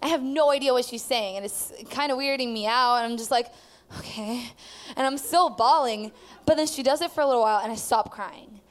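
A woman's voice: sits high, fast talker. Young woman rambling through her testimony. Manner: rambling storytelling, many fillers. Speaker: student giving testimony. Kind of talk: personal testimony at church.

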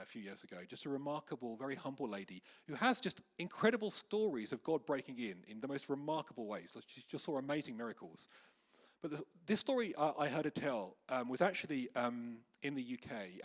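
A man preaching a sermon in church, telling stories with animated quoted voices. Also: mid-range voice, fairly quick. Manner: anecdotal storytelling with lively acted quotes. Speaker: pastor. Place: church hall with congregation.

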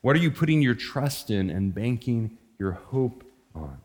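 A man's voice: mid-range voice, very animated, a little slow, a little mellow. A middle-aged man preaching a sermon in a loose, conversational way, slipping into slang and chuckling at his own asides. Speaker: pastor.

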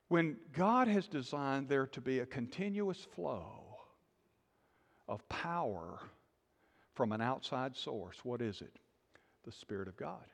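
A male pastor preaching a sermon, emphatic and questioning the congregation, dropping to quiet intensity. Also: mid-range voice, expressive, takes it slowly, gravelly, long pauses, long reverb tail.

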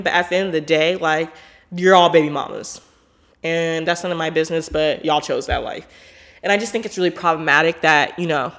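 A woman hosting a podcast in a casual monologue, blunt, emphatic and profane, filling her talk with "like". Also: lowish voice. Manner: animated, with frequent "like" fillers. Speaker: podcast host.

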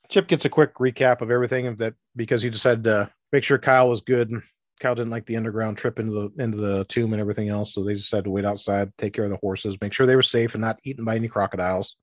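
A man's voice: lowish voice, fairly even intonation, dry recording. A man narrating a tabletop fantasy game as game master, rambling and restarting his sentences. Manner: rambling, restarts often, voices townsfolk in quick asides.

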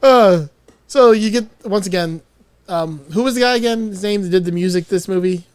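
A man's voice: high-pitched, normal speed, clear, resonant tone, no echo. A man co-hosting a podcast, casually recapping a film with loose, profane humor. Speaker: podcast co-host.

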